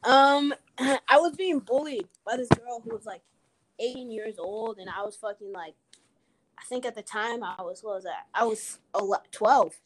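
A woman's voice: fairly high pitch, moderate pace, a little hiss or hum. Chatty young woman, frank and profane. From Minnesota. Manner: frank, swears freely, many fillers. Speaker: guest telling a story. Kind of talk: casual chat.

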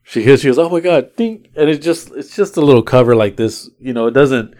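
Animated storytelling man, dry sound. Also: medium pitch, fast talker, dry recording. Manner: animated, acts out passengers' lines in raised voices. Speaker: podcast co-host telling a rideshare driving story. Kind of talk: casual storytelling chat.

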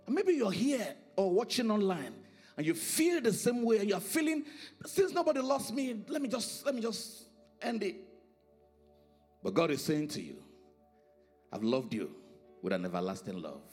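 A man preaching a sermon in a high, bright voice that rises into sing-song emphasis and drops to quiet, low lines. He leans on repeated phrases. Faint music plays softly behind him. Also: wildly swooping pitch, moderate pace, slightly rough. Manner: preaching with sudden swings in pitch and volume, sing-song emphasis. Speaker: pastor.

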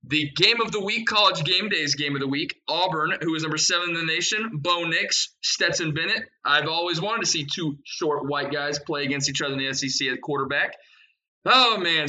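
A young man hosting a sports betting podcast, rattling off picks and odds in a fast, excited way. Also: a little high, rough recording. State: out of breath. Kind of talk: energetic podcast chat.

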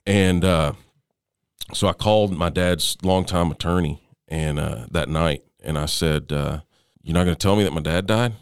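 Middle-aged man as interview guest, smooth resonant low voice, dry close sound, halting delivery with restarts. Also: dry recording. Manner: halting, with frequent restarts and fillers. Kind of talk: personal storytelling in conversation.

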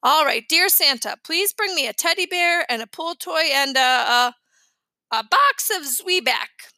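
A woman voicing an eager, wily little boy in a storybook reading, turning shrill and gushing when he gets excited. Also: a little slow, no echo, full character voice. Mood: earnest.

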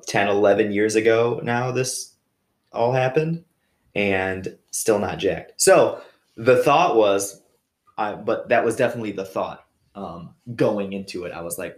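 Young guy rambling on his podcast, pokes fun at himself, kinda low voice. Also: echoey room. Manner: joking, self-deprecating storyteller. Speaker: podcast host. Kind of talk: casual solo podcast monologue.

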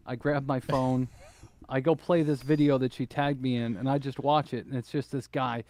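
A man's voice: medium pitch, moderate pace, dry recording. A man co-hosting a podcast, telling stories casually and laughing easily. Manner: laughs easily, animated storyteller. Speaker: podcast co-host. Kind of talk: casual chat.

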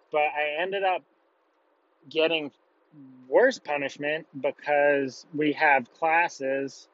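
A young man with a fairly high, slightly bright voice tells a story in a casual, blunt way, swearing often. The recording is dull, lo-fi, dry and close.

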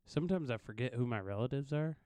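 A young man trading crude jokes and playful mock-angry jabs as a podcast co-host, his voice smooth and resonant at a middle pitch. The sound is close and dry, with no room around it. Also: lively intonation, fast talker, darkish tone, no room sound. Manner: profane, joking, mock-angry bickering. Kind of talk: casual chat.

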